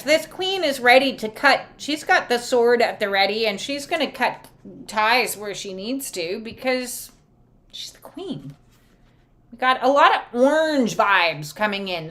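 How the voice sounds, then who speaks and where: Woman with a high voice, frank card reader, swears casually, reads for viewers live. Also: fairly bright tone. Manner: casual, emphatic, swears freely; acts out quoted voices. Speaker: oracle and tarot card reader. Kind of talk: live spiritual card reading, answering viewers.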